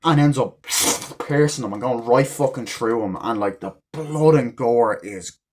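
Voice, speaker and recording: Guy rambling through a movie review, lots of swearing, acts out the lines, normal pitch. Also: measured pace. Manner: excitable, profane retelling that acts out character quotes. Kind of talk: casual spoken review.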